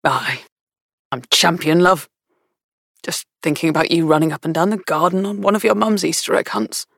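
A woman voicing a kindly retired grandfather with a mild, gentle manner. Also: deep voice, normal speed, creaky, dry recording, studio quality, full character voice.

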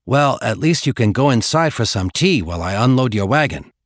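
A man's voice: medium pitch, expressive, a little fast, no room sound, clean studio sound, close to an everyday voice. A man voicing a nervous young student who speaks in an anxious, pleading way, in an audiobook.

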